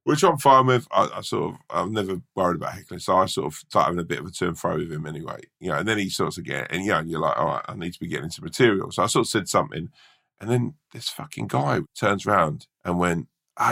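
Low, gravelly male comedian with a forceful tone, swearing through a casual anecdote. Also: lively intonation, fast. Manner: swears a lot, rambling anecdotes. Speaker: stand-up comedian and podcast co-host. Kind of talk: casual storytelling chat.

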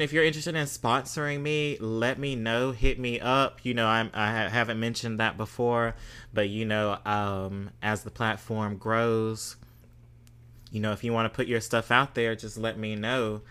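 A man's voice: lowish voice, fairly even intonation, moderate pace, sharp tone, smooth. A man hosting a podcast, chatting casually and reading listener reviews with playful, exclamatory bursts of emphasis. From Southern United States. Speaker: podcast host.

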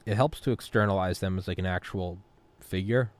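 A man's voice: sits low, a little fast. A young adult man hosting a podcast, chatting casually and animatedly, swearing freely and acting out bits of dialogue. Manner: animated, swears freely, acts out silly voices in quotes. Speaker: podcast host.

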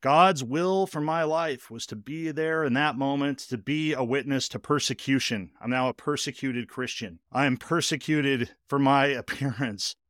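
A man hosting a podcast tells a personal story in a loose, chatty way, often rushing ahead and filling gaps with "like". His voice sits in an ordinary middle pitch. It is recorded close and dry, with no room sound. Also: no room sound. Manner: animated, speeds up in bursts, heavy use of "like". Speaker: podcast host. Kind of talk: casual storytelling.

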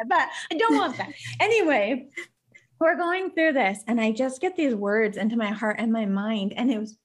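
A woman in her forties hosting a podcast, telling a personal story in a lively, often laughing way. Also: on the high side, measured pace, pauses often. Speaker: podcast host. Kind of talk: casual podcast conversation.

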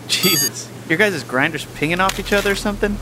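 A man's voice: sits high, animated, brisk, very noisy. A man voicing an easygoing young guy who jokes with his friends.

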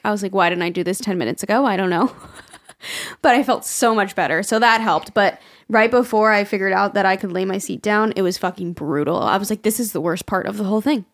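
Young adult woman, podcast co-host. Casual storyteller with an average pitch who swears freely. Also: fairly quick. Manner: chatty storytelling, frequent swearing and laughing. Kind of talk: casual chat.

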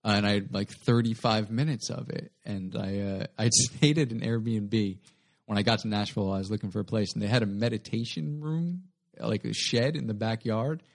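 Young male comedian guest, low voice with fry, loose rambling delivery. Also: moderate pace. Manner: rambling, self-correcting storyteller. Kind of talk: casual storytelling interview.

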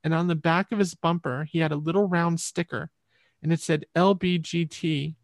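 Gravelly-voiced woman telling her story. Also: on the low side, fairly even intonation, normal speed, no echo. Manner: rambling, reflective storytelling with repeated restarts. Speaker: musician guest. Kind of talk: conversational storytelling in an interview.

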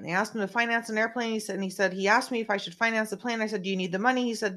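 A woman's voice: medium pitch, a little fast, a bit bright. Rambling woman host with conspiracy talk. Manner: rambling, conspiratorial, with frequent fillers. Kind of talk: casual political commentary. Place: small indoor room.

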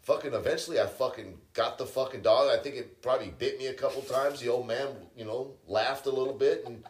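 A man's voice: medium pitch, brisk, reverberant. A man co-hosting a podcast, telling a story in casual, heavily profane chat. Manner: profane, laid-back storyteller. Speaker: podcast co-host.

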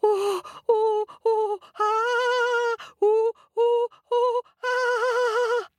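A woman putting on a squeaky, eager little monkey. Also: slow, no echo, heavily acted. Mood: frightened. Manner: excited, squealing.

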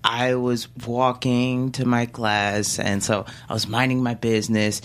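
A panelist telling a childhood story in a casual chat, animated and acting out the voices. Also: female voice, extremely low pitch, unhurried.

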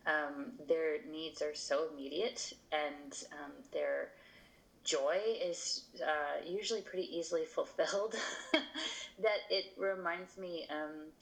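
A woman guest on a podcast interview over a video call, thoughtful with many pauses and ums, laughing easily. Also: deep voice, fairly even intonation, vocal fry, rough recording.

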